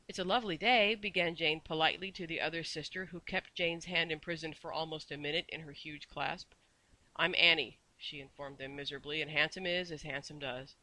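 An audiobook narrator reading a children's story in a lively, expressive way. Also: medium pitch, low-quality recording. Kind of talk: scripted narration.

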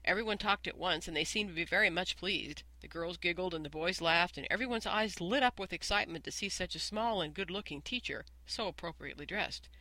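An audiobook narrator reading a children's story in an even, measured way. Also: medium pitch, no room sound, low-quality recording. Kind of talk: scripted narration.

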